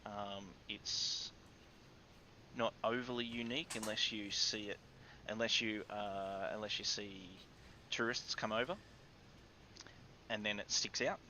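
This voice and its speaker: A man's voice: fairly low pitch, steady tone, unhurried, pauses often, bright, forceful tone, slight background noise, low-quality recording. A man with an Australian accent, co-hosting a casual livestream and rambling with frequent restarts. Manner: rambling, restarts often, chuckles between thoughts. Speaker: co-host. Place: studio.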